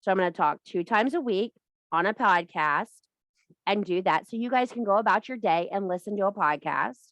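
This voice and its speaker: A woman's voice: medium pitch, expressive, normal speed, a bit bright, dry recording. A woman giving a casual spiritual pep talk about witchcraft, blunt and profane, hammering points home with repetition. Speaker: witchcraft teacher and live streamer.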